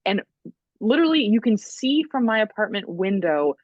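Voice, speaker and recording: A woman's voice: medium pitch, moderate pace, no room sound. Chatty woman, dull dry recording. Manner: animated storytelling with many "like"s and laughs. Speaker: podcast co-host. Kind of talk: casual chat.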